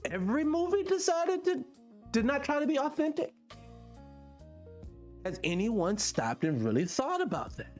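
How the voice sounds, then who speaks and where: A middle-aged man hosts a radio show, chatting casually with listeners and tossing out plenty of rhetorical questions. He talks at a normal speed with frequent pauses, sounding animated, and his pitch jumps when he gets excited. Soft music plays in the background.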